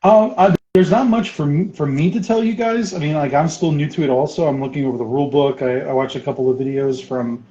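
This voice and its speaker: Male guest, lively storyteller who laughs a lot, roomy and muffled audio. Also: fairly high pitch, a little fast, hardly any pauses. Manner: animated storyteller, laughs often; painting while talking. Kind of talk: casual chat, storytelling. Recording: roomy, dull sound.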